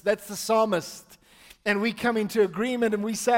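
A man preaching a sermon as pastor, reading scripture slowly and emphatically and calling the congregation to respond. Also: high-pitched, darkish tone, in a large hall. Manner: slow, emphatic reading with pauses for meaning. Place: church with an overflow hall.

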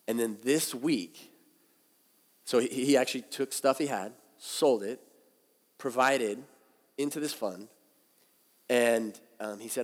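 Pastor preaching in a reverberant hall. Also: male voice, mid-range voice, a little slow, long pauses. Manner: conversational, animated preaching with restarts. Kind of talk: sermon.

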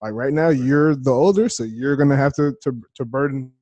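A man in his thirties chatting as a guest, halting and often repeating words as he thinks. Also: mid-range voice, darkish tone, no echo, dull audio. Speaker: podcast guest. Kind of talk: casual chat.

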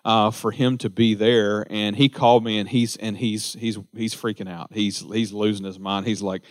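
Man, pastor, low-pitched and chatty; loose, rambling delivery full of restarts. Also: flat delivery, normal speed. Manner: rambling, lots of uh fillers and restarts. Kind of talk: informal church announcements.

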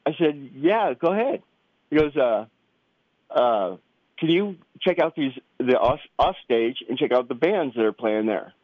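A middle-aged father telling a family story in a casual, animated way, acting out the voices he quotes. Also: mid-range voice, unhurried, dry recording, narrow, tinny audio. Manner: animated, acts out quoted voices, many restarts.

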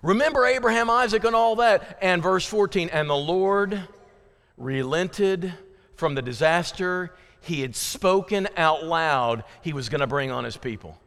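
A man preaching a sermon as pastor, reading scripture dramatically, swinging between loud pleading and hushed emphasis. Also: sits high, measured pace, big-room sound.

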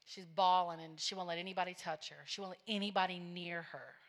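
A woman preacher giving a testimony sermon, telling her story plainly and rising into loud, fervent preaching. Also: lowish voice, fairly even intonation, a little fast, long reverb tail. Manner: storytelling, drops to a hush, then builds to loud preaching.

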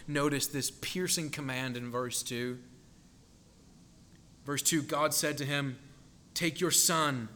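A man's voice: on the high side, pushed and bright. A man preaching a sermon in an earnest, emphatic way, building dramatic tension when he quotes scripture.

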